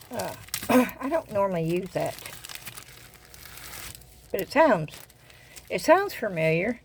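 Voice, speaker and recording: A woman's voice: medium pitch, big pitch swings, takes it slowly, long pauses, slight background noise. An older woman with a Southern US accent, chatting casually in a craft vlog. She rambles and often repeats her words as she goes. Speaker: craft vlogger. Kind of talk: casual chat.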